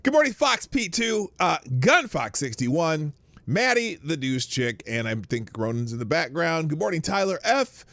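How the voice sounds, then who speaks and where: A man with a slightly high voice talks at normal speed, with no room sound, as he hosts a morning live stream. He's animated and rambling, greeting his viewers one by one by name and wandering into asides.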